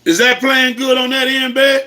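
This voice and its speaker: A man giving an impassioned, preaching-style lecture to online viewers, repeating himself and breaking into shouts. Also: extremely high pitch, monotone, normal speed. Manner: impassioned, repetitive, bursts into shouting. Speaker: host of an online talk.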